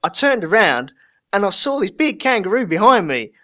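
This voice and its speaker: A man's voice: high voice, sing-song, normal speed, sharp tone, voice pushed up, full character voice. A man voicing an Australian woman witness in a raised, put-on quoting voice. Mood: startled.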